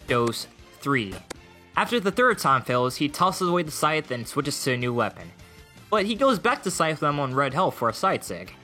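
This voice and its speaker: A young man giving deadpan, mocking commentary over gameplay clips. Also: on the high side. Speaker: gaming video creator. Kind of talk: sarcastic gaming commentary. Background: faint music.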